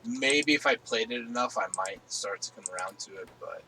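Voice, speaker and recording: A man's voice: mid-range voice, normal speed, pushed and bright, a little hiss or hum, low-quality recording. A man hosting a casual gaming stream from home on a headset, rambling easily with lots of fillers. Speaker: streamer host.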